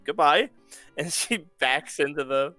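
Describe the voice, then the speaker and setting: Man, game master, lively narration, bright tone, animated pitch, faint background music. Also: a little slow.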